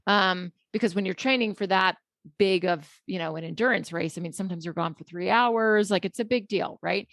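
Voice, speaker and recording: Gravelly low-voiced middle-aged woman. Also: no echo, clean studio sound. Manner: candid, conversational, many fillers. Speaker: psychologist guest. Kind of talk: casual storytelling in an interview.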